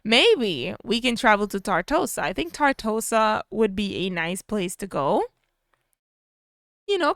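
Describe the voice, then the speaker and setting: A woman talks through her life-sim game in a relaxed, chatty way, often delighted by what she finds. Her voice is smooth and clear at a middle pitch, recorded dry on a close microphone. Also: dry recording. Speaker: gameplay video creator. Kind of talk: casual gameplay narration.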